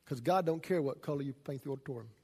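A man preaching a sermon as a pastor, folksy and swinging from loud emphasis to hushed asides. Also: mid-range voice, fast, husky.

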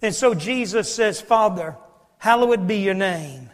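A man's voice: high voice, lively intonation, a little slow. Preaching man in a reverberant church. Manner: swings from loud preaching to hushed near-whispers. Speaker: pastor. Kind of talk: sermon. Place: church sanctuary.

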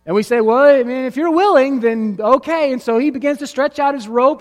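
High-voiced preacher in a reverberant hall. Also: male voice. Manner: preaching with vivid storytelling and emphatic repetition. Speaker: pastor. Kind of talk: sermon. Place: church sanctuary before a congregation.

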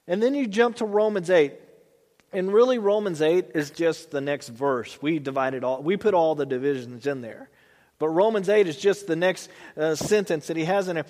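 A man with a high voice preaches a sermon in a church hall. He reads scripture slowly, then builds with rising emphasis. A long reverb hangs on every word. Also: a little mellow. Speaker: pastor.

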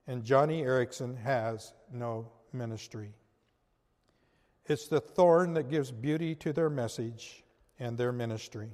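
A man preaching a sermon, speaking in a slow, measured way and then praying. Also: medium pitch, darkish tone. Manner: slow, measured delivery, closing in prayer. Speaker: pastor. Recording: long hall reverb.

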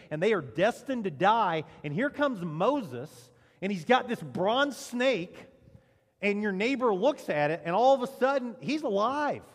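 Animated male pastor preaching in a hall. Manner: animated preaching with dramatic emphasis and lowered punchlines. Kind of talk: sermon. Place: church sanctuary.

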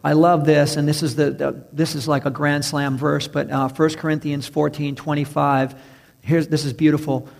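A male pastor preaching a sermon, stressing key words slowly and acting out quoted voices. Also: a little high, level tone, creaky, darkish tone. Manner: preaching with emphatic slow stresses and acted-out quotes.

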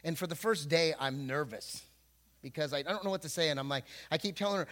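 Before his church congregation, a middle-aged male pastor delivers a funny sermon full of stories, his pitch fairly high and his pace fairly quick. He's animated and joking, putting on playful voices for the quotes he acts out.

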